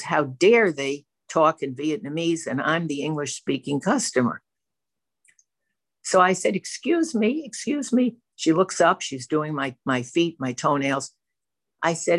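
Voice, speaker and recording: A woman's voice: deep voice, no room sound. A woman telling her personal recovery story in a candid, self-reflective way, as a member of a twelve-step program speaking to a camera. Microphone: facing a camera.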